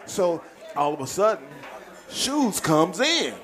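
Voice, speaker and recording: A man, a former football player, telling stories in a casual chat, laughing often and acting out a coach's shouted outbursts. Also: sits high, sing-song, slow pace.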